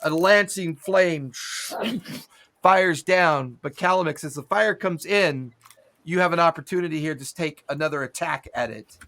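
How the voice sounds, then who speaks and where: A man runs a tabletop game, narrating a battle in cinematic detail while keeping a relaxed, chatty delivery with the odd filler. His voice is bright and forceful and sits a touch high. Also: moderate pace. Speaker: game master.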